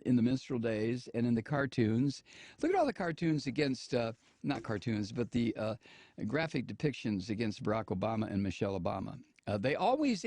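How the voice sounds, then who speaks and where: A man's voice: medium pitch, a little mellow, no room sound. An older man hosting a talk show, giving casual sarcastic commentary with laughing asides and frequent restarts.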